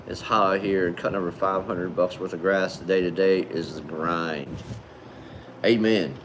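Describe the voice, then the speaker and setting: A man with a deep, low voice chats casually on a livestream, greeting viewers with friendly, laid-back shout-outs. His speech is relaxed and conversational, peppered with "man" and "brother". A faint hum sits underneath. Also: moderate pace. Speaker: livestream host. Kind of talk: casual livestream chat reading viewer comments.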